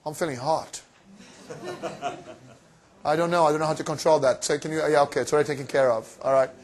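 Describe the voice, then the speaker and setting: A man giving a motivational finance seminar to a live audience in a room, energetic and cheeky, firing off rhetorical questions. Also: on the high side, brisk, husky. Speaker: seminar presenter.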